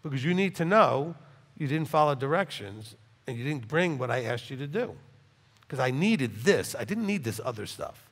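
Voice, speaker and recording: A rabbi teaching Torah to a live class, acting out dialogues with big swings in loudness. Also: male voice, moderate pace. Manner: animated, acts out dialogues in wide swings of pitch and loudness. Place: hall with a live audience. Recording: long reverb in a hall.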